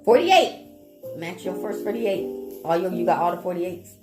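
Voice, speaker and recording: A woman, a live tarot reader chatting casually with viewers in a blunt, profane, animated way. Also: on the low side, brisk. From Atlanta, Georgia, US South. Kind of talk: casual livestream chat with viewers. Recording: echoey room with background music.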